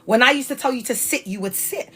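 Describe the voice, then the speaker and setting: Animated British woman chatting on a live stream. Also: on the high side, fast, slightly rough. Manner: chatty and animated, laughs often, heavy slang. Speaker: livestream host. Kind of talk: casual livestream chat.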